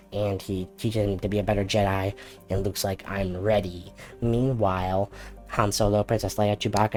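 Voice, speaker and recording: Low-voiced man rambling through a jokey recap. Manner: rambling, jokey, quick impressions. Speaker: host. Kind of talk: comedic casual story recap.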